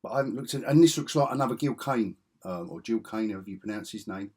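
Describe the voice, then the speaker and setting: A man's voice: on the low side, quick pace, a little mellow, husky. A man chatting casually as he shows off his comic collection, enthusiastic and rambling with chuckling asides. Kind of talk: casual show-and-tell chat.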